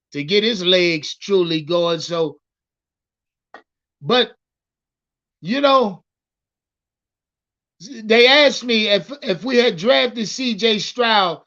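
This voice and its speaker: A man hosting a casual livestream about football, talking in an animated, profane way and repeating words as he starts his thoughts. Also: high-pitched, dull audio. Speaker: livestream sports host.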